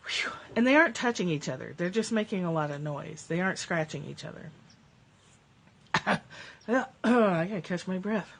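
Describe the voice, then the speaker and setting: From her home, a woman hosts a casual livestream over a phone or webcam, reading spiritual passages and chatting. She laughs often when her cats interrupt, and her lowish voice is animated at a normal speed.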